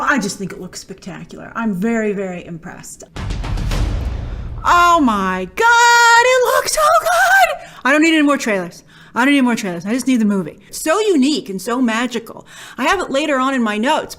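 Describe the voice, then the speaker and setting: A woman critic talks through movie reviews in a bright, high voice. Her pitch rises and falls with animation. She gushes with emphasis, then turns flatly dismissive. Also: a little fast, soft background music. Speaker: online film critic.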